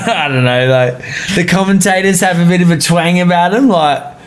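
A man's voice: high-pitched, normal speed. Rambling, laughing Australian man. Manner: rambling, laughs often, swears freely. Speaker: podcast guest. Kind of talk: casual interview chat.

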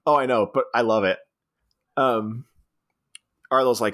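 A man's voice: medium pitch, measured pace, long pauses, a bit bright. A man co-hosting a podcast, retelling movie scenes in casual chat and laughing often. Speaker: podcast co-host.

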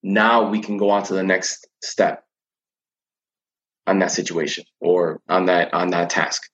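A man's voice: sits low, steady tone, a little slow, a bit bright, lo-fi sound. A man talking about coping with anxiety as a teen coach in a casual podcast chat, earnest and often repeating words while he thinks.

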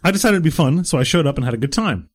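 A man's voice: a little high, animated, racing. A man co-hosting a podcast in casual chat, wry and teasing as he reads out listener letters. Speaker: podcast co-host.

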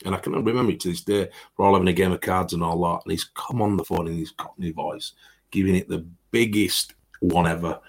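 A former footballer chatting as a podcast guest, telling lively anecdotes. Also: male voice, deep voice, brisk. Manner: animated anecdote teller, mimics others. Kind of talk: casual chat, storytelling.

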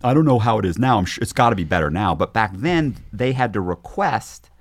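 A man guest in an interview, telling a story with animated, quick run-on phrasing. He acts out the people he quotes with sudden jumps in pitch. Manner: rapid, repetitive run-on phrasing with frequent restarts. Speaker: podcast guest.

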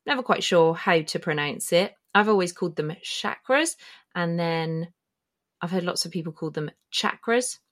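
A woman's voice: lowish voice, steady tone, normal speed. A woman hosting her own podcast, explaining a spiritual topic in a chatty, meandering way and correcting herself as she goes. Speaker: podcast host. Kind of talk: casual spoken explainer. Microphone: filmed while talking, pointing to body.

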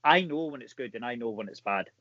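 A man with a Scottish accent, an actor chatting casually and telling stories with animated energy. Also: mid-range voice, fast, no echo, lo-fi sound. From Scotland. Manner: animated storyteller, laughs easily. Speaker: actor guest. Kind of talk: casual chat.

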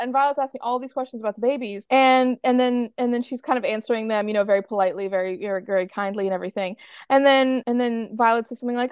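A chatty American woman with a fairly high voice talks through TV scenes, peppering her speech with "like" and acting out the lines she quotes. The sound is close and dry. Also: quick pace, clear, resonant tone, no room sound. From United States. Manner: chatty, retells scenes with lots of "like" and playful quoting. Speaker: podcast co-host. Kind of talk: casual chat.

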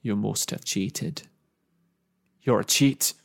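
A man doing a shouting, sore-losing card player. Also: takes it slowly, creaky. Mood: accusing. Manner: shouting accusations, rising into high yelps. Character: spontaneous man in his thirties, sore loser.

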